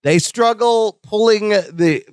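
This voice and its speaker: A man's voice: high-pitched, slow, smooth, dry recording, studio quality. A man co-hosting a podcast, animatedly retelling a sitcom episode in casual chat and laughing often. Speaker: podcast co-host.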